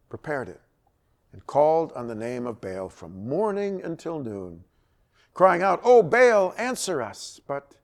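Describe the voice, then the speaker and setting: A man leads a church Bible study session and retells a scripture story with lively delivery. His pitch moves up and down a great deal, and his voice sits in the middle of the usual male range.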